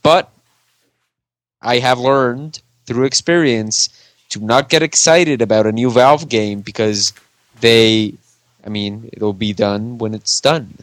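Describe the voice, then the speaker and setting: A man's voice: medium pitch, slow, dry recording. A man co-hosting a casual podcast, teasing and contrarian, laughing often. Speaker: podcast co-host. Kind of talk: casual chat.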